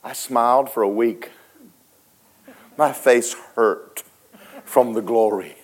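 A man preaching a sermon, telling a story dramatically, switching between loud and hushed and talking straight to the congregation. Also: mid-range voice, takes it slowly. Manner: folksy, speaks to the congregation directly.

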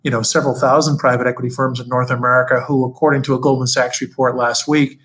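A man's voice: mid-range voice, little pitch movement, quick pace, fairly bright tone, rough recording. Older man recalling old deals. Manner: storytelling, acts out quotes. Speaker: interviewer and former colleague. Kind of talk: reminiscing conversation.

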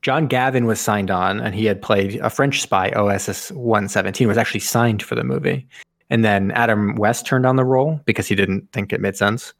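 A man's voice: lowish voice, a little fast, no room sound, studio quality. A man hosting a podcast, rambling through movie trivia in casual chat with jokey asides. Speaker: podcast host.

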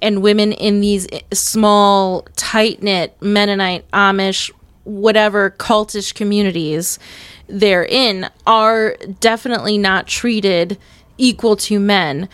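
A woman's voice: medium pitch, steady tone, takes it slowly, a bit bright, smooth, no echo. Blunt, argumentative woman podcaster, dry sound. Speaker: podcast co-host. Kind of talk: casual film-review chat.

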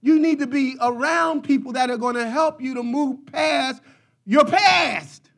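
Man, sermon, high voice, rhythmic repetition, quiet lows, shouted highs. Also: unhurried, creaky. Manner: swings from low hushed passages to shouted high peaks; repeats phrases in rhythmic runs. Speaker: preacher.

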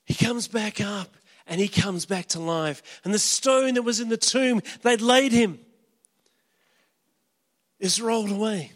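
A male preacher telling a dramatic sermon story, swinging from hushed passages to shouting. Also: high-pitched, unhurried, long pauses, long reverb tail.

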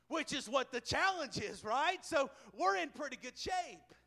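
A man preaching a sermon, telling a scripture story with animated delivery, chuckling and raising his voice for emphasis. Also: very high voice, a little slow, vocal fry, few pauses. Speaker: pastor.

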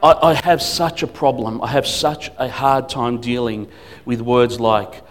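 A man preaching as a guest speaker at a church service, emphatic, swinging between loud declarations and quiet asides. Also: mid-range voice, steady tone, measured pace. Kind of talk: sermon.

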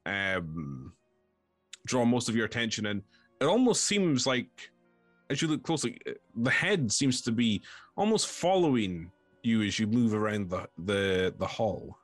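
A man's voice: fairly low pitch, big pitch swings, a little slow, no echo, faint music behind. Hesitant male game master. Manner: hesitant, full of ums and uhs. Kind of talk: narrating a tabletop game.

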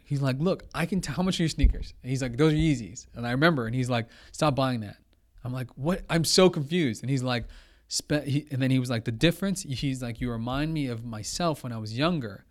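A young man, a podcast guest, telling a story in casual chat, animated and acting out what others said. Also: medium pitch. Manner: animated, quotes others, says blah blah.

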